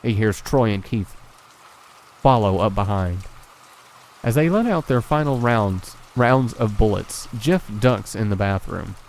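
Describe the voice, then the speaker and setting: A man's voice: fairly low pitch, darkish tone, slight background noise, rough recording. A man reading a horror story aloud and breaking off with casual, sweary comments and laughs. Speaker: creepypasta reader and reactor.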